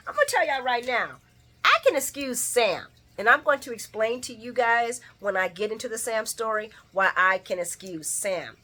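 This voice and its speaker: A woman doing a casual soap opera recap vlog, talking to viewers in a heated, animated, profane way. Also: medium pitch. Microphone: camera mic.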